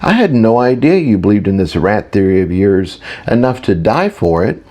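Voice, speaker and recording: A man voicing a haughty woman who leads a house of mages, speaking formally and loudly. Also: lowish voice, big pitch swings, normal speed. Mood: cutting. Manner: formal, loud declaring.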